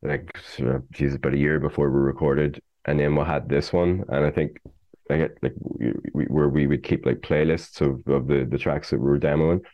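A musician being interviewed talks slowly through his band's song, halting, restarting and leaning on fillers. His voice is extremely deep, and the recording is dull and lo-fi. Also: fairly even intonation. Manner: hesitant, many fillers and restarts. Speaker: band member, musician. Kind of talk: casual interview chat. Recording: dull lo-fi audio.

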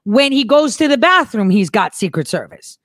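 Female host for reaction commentary, sarcastic and mocking, lively pitch, dry recording. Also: moderate pace, dry recording. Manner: sarcastic, animated, mocking impressions. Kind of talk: reacting to news clips.

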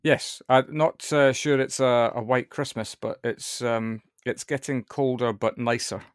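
Scottish host asking friendly questions. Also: male voice, mid-range voice, steady tone, measured pace, no echo, studio quality. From Scotland. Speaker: podcast host. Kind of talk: casual interview chat.

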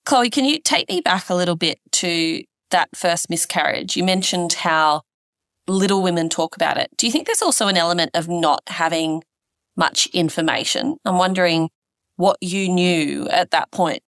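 A woman hosting an interview, asking measured, attentive questions. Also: on the low side, fairly bright tone, no echo, clean studio sound. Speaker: podcast host.

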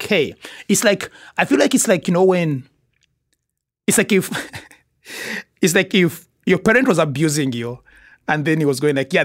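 Lively husky-voiced male host. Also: fairly high pitch, no echo, studio quality. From Africa. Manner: animated, laughing, restarts often. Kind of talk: casual comedic chat.

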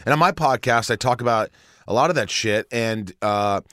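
A man telling a dramatic personal story in casual chat, animated and acting out dialogue, swearing freely. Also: mid-range voice, moderate pace, no room sound.

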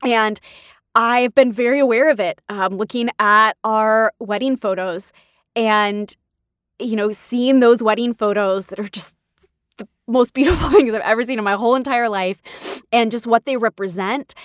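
Recorded dry in studio quality, this woman from California speaks at a normal speed with a somewhat high voice. As a podcast host, she tells personal stories chattily and emotionally, frequently breaking into laughter.

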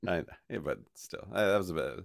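A man with a very deep voice co-hosts a podcast in relaxed chat, often nodding along with short agreements. He slips into quieter, mumbled asides, and the recording is dry and close. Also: fairly quick, creaky, dry recording. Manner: laid-back, many short agreements, trails off into quieter asides. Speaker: podcast co-host. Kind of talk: casual chat.

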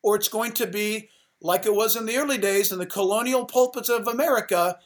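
A man who is a pastor, talking with sermon-like passion and driving, repeated phrases. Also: high-pitched. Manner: emphatic, rapid-fire repetition. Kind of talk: impassioned sermon-like talk.

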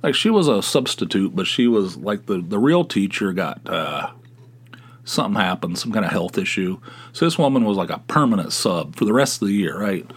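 A middle-aged man from West Virginia, a podcast host, telling rambling, animated stories with chuckles in a casual style. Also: lowish voice, normal speed, husky. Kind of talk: casual anecdotal storytelling.

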